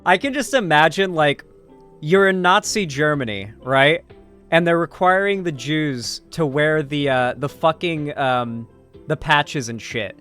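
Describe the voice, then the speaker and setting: A man's voice: on the high side, animated, a little slow, fairly bright tone, clear, resonant tone, soft background music. A man giving casual, profane political commentary on a livestream, loose and full of fillers.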